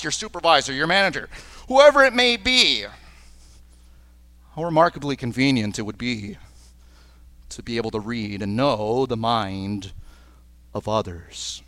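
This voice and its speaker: A male pastor delivers a sermon at a church service in a fairly high voice. He speaks earnestly and slows down to stress his key phrases. The sound is dry and close, with no room echo. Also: fairly bright tone. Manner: earnest, with slowed emphatic phrases. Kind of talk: liturgical sermon.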